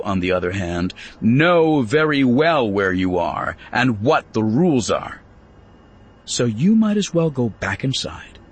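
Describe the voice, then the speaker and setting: A man's voice: mid-range voice, slightly rough. A man voicing a tough, stern woman who runs a frontier store, speaking in a raised, commanding voice.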